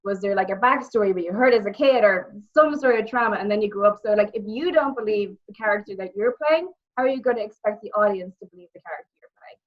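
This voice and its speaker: A young woman with a Dublin Irish accent, a guest telling lively stories in a casual interview. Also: mid-range voice, fast, few pauses. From Ireland. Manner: animated storytelling, repeats words, acts out quotes. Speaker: interview guest, former wrestler and actress. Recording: muffled lo-fi audio.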